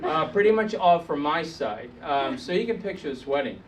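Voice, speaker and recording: A man's voice: a little high, expressive, normal speed. A man from India doing a stand-up set on a comedy club stage, dry and teasing with the crowd. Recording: distant mic, noisy club.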